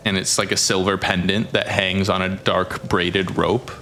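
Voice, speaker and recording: A man's voice: low voice, flat delivery, unhurried, bright, forceful tone, slight background noise. A man playing a tabletop role-playing game who describes his actions in a chatty way, with many fillers. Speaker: player. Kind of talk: casual tabletop game play.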